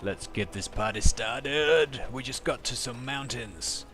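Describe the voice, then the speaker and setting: A man hosting a let's play video, excitable and joking, talking back at the game. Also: mid-range voice, moderate pace. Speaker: gaming video host. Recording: loud game music behind. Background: game music.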